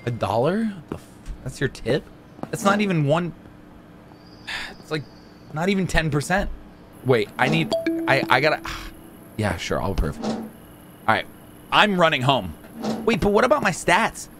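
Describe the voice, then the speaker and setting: A man hosting a let's play, joking and excitable, swinging from mumbles to shouts. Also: a little high, moderate pace, pauses often, background noise. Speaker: gaming channel host.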